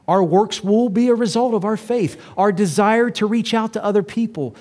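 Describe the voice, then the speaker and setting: High-voiced man preaching emphatically. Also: a little mellow. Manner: emphatic, addressing the congregation directly. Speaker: pastor. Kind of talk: sermon.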